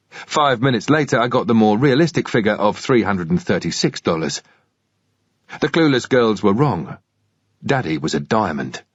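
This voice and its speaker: A man narrating a thriller audiobook in the first person, in a steady, measured way. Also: lowish voice, slightly rough, no echo, highs cut off.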